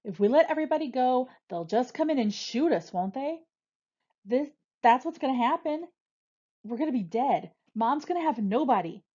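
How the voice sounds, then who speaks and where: A woman reading aloud, voicing a frightened teenage boy who yells in desperation. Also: high-pitched, animated, muffled recording, voice pushed up. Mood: frantic. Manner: fearful, yelling, quick.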